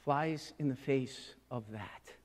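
A man preaching a sermon, swinging from hushed asides to loud, emphatic proclamation. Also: mid-range voice, slow pace, long reverb tail. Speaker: pastor.

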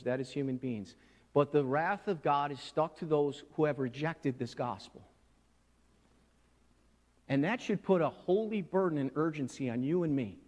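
A man preaching a sermon, swinging from hushed asides to loud, emphatic proclamation. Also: medium pitch, big-room sound. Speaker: pastor.

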